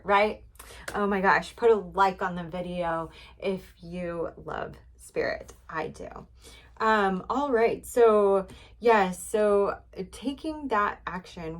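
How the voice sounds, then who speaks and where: A woman hosting a relaxed spiritual reading, speaking at a mid-range pitch. She rambles in a friendly way and leans on fillers as she goes. She repeats her points to encourage the listener. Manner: chatty, rambling, many fillers; encouraging, repetitive. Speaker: spiritual card reader.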